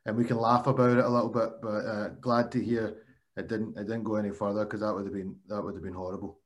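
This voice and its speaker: A man's voice: lowish voice, level tone, fast. A man hosting a casual interview, friendly and chatty. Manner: friendly, calls the guest mate. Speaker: podcast host.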